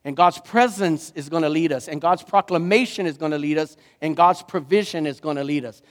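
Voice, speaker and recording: Man, pastor, high-pitched, emphatic sermon, reverberant sanctuary. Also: a little fast, hardly any pauses. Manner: animated preaching, rising to emphatic questions.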